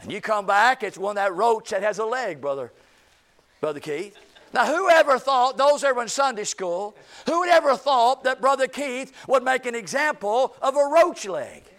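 A man preaching a sermon, shouting key points and dropping low at the ends of phrases. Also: lively intonation, normal speed. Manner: folksy, emphatic preaching with sudden shouts and drops to low trailing endings.

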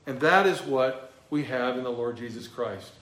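A man preaches in an easy, conversational manner, working through a text and tossing rhetorical questions to the listeners. His voice sits at a middle pitch. The recording has a roomy echo, as in a church sanctuary. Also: moderate pace, a bit bright. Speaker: pastor. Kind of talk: expository sermon. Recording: echoey room.

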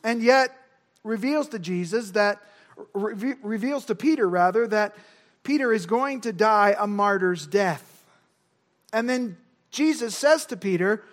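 A man with a strikingly high voice preaches a sermon. He lands his points with emphasis and drives them home by repeating key words. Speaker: pastor. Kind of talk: expository sermon.

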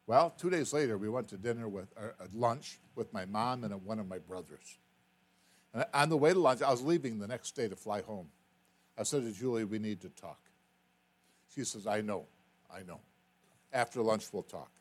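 A man's voice: on the low side, lively intonation, normal speed. A man preaching a sermon, telling a personal family story with repetitions and emotional swings, then reading scripture emphatically.

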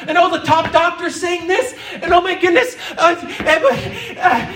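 A man preaching a sermon in a church hall, lively and theatrical, sometimes slipping into mock-panicked voices. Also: very high voice, moderate pace, recorded from a distance, a little hiss or hum. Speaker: pastor.

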